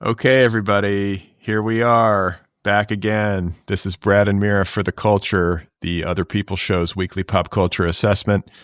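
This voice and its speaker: A man hosting a pop culture podcast, chatting casually and reading ads in a dry, deadpan way. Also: on the low side, normal speed, few pauses, smooth, no echo. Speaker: podcast host.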